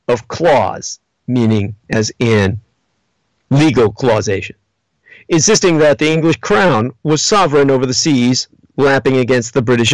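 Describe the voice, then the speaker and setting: A man hosting a livestream, lecturing in a monologue with emphatic, theatrical swings in pitch, spelling out names as he goes. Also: no echo, rough recording. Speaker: livestream host.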